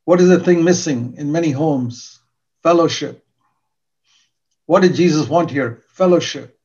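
A man's voice: fairly high pitch, measured pace, a little mellow, highs cut off. An older man preaching a sermon in an earnest, emphatic way, repeating key words for stress.

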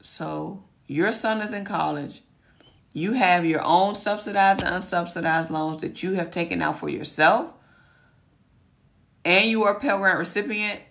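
Hoarse gravelly woman on a livestream. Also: on the low side, unhurried, a bit bright. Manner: folksy, chatty, talks to herself while searching. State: hoarse, voice cracking. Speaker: host answering viewer questions. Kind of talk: casual livestream Q&A.

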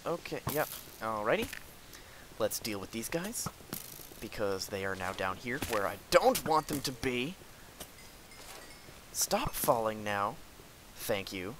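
A young man hosting a gameplay video, excitedly commenting on his own play, talking to his enemies and breaking into outbursts and laughs. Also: on the low side, unhurried, long pauses, a little hiss or hum, low-quality recording. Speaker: gaming video host.

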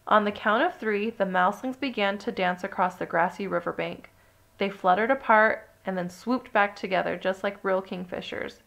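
Gravelly woman reading a picture book. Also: medium pitch, moderate pace. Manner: steady, expressive storytelling. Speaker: storybook reader.

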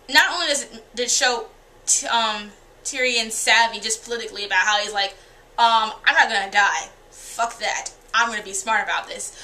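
Brisk, bright-voiced candid woman reviewer. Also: a little high. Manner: candid, profane, chatty, acts out characters' lines. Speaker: TV show reviewer. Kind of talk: casual spoken episode review.

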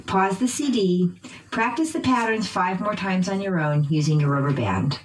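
A woman teaching English pronunciation, reading drills slowly with exaggerated stress. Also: lowish voice, expressive, a little mellow, rough recording. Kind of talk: recorded pronunciation lesson.

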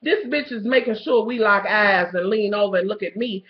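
Profane ranting woman, echoey lo-fi. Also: moderate pace. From Kentucky, USA. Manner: profane, animated, swings between loud outbursts and low asides. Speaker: vlogger. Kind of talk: ranting storytelling. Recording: echoey lo-fi home video.

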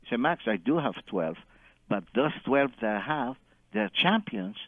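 This caller speaks at a medium pitch and normal speed, very animated, over narrow, tinny audio without echo. He tells a long story and performs each quoted line himself, with loose grammar that doesn't follow the standard.

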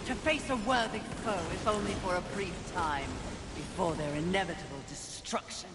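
A man's voice: high voice, normal speed, heavy background noise, close to an everyday voice. An actor voicing a grim male warrior figure in a game who relishes battle, speaking in a solemn, declamatory way. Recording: game audio, echoey, over loud music.

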